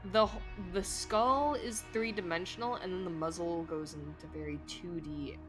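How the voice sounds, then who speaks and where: A woman's voice: fairly low pitch, fairly even intonation, moderate pace, music in the background. A woman streamer joking and laughing as she comments live on a story game.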